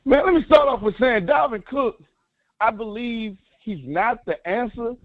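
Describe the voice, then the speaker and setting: An eager male fan calls in over a tinny phone line, pressing his case with insistent questions. His voice sits very high for a man. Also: a little slow, no room sound. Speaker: caller. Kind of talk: fan call-in.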